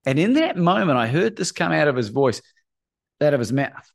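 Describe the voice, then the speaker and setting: Animated man telling a story. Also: mid-range voice, normal speed, vocal fry. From Australia. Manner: acts out quoted voices, often asks "right?". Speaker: guest, courage coach. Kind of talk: animated storytelling in a podcast interview.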